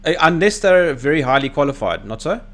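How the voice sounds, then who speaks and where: Brief: South African male host, hesitant and stammering, voice sits a little high. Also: very animated, fairly quick, a bit bright. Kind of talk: casual video-call interview.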